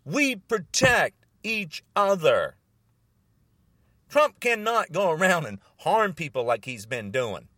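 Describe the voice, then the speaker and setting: A man ranting angrily about politics to the camera, repeating himself and bursting into loud emphasis. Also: high voice, very animated, slow pace, no room sound, studio quality. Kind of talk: angry political rant to camera.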